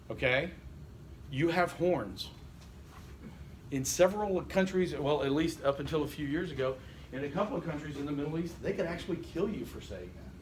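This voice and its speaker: This college instructor's classroom lecture, full of wry asides to students, is picked up from a distance in an echoey classroom. His voice is a little high with a fairly bright tone, and there's slight background noise.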